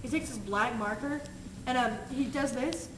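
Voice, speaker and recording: A woman's voice: fairly high pitch, normal speed, distant mic. Giggly young woman telling a story. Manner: giggly, rambling, full of "like". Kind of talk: casual chat retelling a movie. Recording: echoey room with noise.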